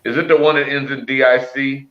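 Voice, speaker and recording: A man's voice: mid-range voice, fairly even intonation, fairly quick, highs cut off. A man joining a casual maker hangout with joking, teasing banter. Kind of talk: casual chat.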